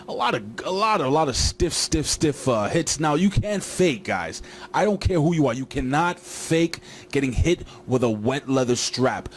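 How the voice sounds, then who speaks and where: Man, wrestling recap host, casual rambling talk, jokey asides, mid-pitched voice, faint background hiss. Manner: rambling, jokey, talks straight to viewers. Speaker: wrestling show reviewer.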